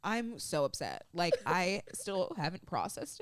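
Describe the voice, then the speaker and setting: Low-voiced woman gushing about a show. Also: big pitch swings, a little slow, few pauses, slight background noise. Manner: gushing, emotional recap with many "like" fillers. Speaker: podcast co-host. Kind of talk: casual fan chat.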